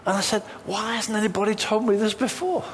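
A man's voice: high voice, fairly even intonation, brisk, slight background noise. A man preaching a sermon, telling a personal story full of quoted dialogue. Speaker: pastor.

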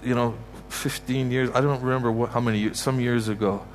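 Fairly quick and steady in tone, this medium-pitched Canadian man preaches as a guest in a church sanctuary. He repeats his points with emphasis and pronounces blessings over the congregation in a heartfelt sermon, over a little hiss or hum.

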